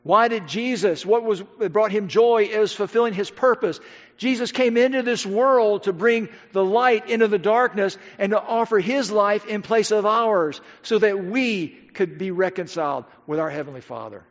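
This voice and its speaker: A man preaching a sermon, swinging between loud emphatic lines and hushed, quiet passages. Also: sits high, moderate pace. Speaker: pastor. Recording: dull audio with long hall reverb.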